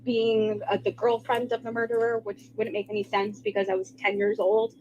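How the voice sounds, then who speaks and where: A woman's voice: medium pitch, level tone, normal speed, darkish tone, highs cut off, slight background noise. A woman defending herself with hesitant ums in a casual video call chat.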